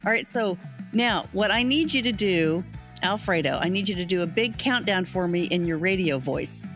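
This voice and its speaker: A woman's voice: lowish voice, lively intonation, normal speed, fairly bright tone, soft background music. A woman hosting a casual live stream on leadership, upbeat and enthusiastic and often laughing.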